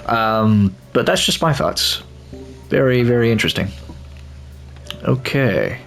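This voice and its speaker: A man's voice: mid-range voice, expressive, moderate pace, vocal fry, fairly bright tone, faint music behind. A man hosting a let's play and commenting on a video game in a rambling way, with lots of restarts. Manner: rambling, with many restarts and laughs. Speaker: gaming channel host.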